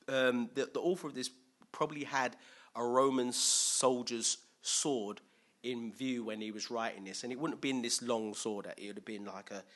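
A man preaching a conversational sermon, animated and thinking aloud, switching between loud emphasis and quiet asides. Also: medium pitch. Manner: thinks aloud with restarts and acts out quotes.

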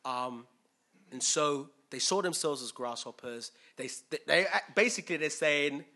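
A man preaching with a bright, forceful edge, sitting a little high for a man. He talks to his listeners casually and quizzes them as he goes. He slips into little voices for the people in his story. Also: a little slow. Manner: lively, conversational, acts out quotes, asks listeners questions. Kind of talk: sermon.

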